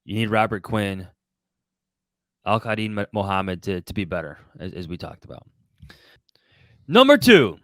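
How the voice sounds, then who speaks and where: A man's voice: lowish voice, a bit bright, dry recording. A man co-hosting a sports podcast, asking questions and chatting casually. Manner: conversational, poses questions. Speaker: podcast co-host.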